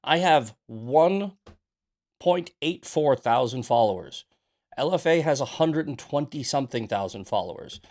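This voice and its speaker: Male host, American, angry profane rant, mid-pitched voice. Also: lively intonation, moderate pace, a little mellow. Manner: heated, profane, repeats himself. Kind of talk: angry ranting commentary.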